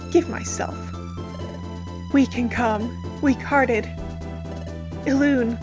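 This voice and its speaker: A woman hosting a let's play, reading garbled game text aloud and joking about it. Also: a little high. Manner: playful, joking, reads garbled lines deadpan.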